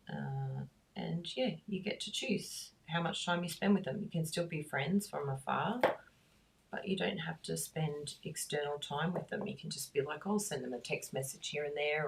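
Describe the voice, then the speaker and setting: Low-voiced woman chatting while crafting. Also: creaky, far from the mic. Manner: warm, rambling, laughs often. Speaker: craft class host.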